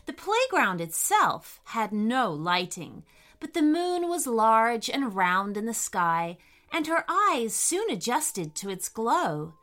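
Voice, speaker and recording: A woman reading a bedtime story aloud in a gentle, expressive way. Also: on the high side, takes it slowly.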